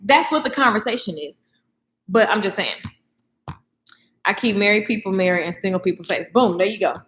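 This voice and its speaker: A woman hosting a casual late-night live stream, animated and slangy, laughing often and talking straight to her viewers. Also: mid-range voice, brisk, a little hiss or hum. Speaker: live stream host, beauty professional. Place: echoey room, home at night. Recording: echoey room.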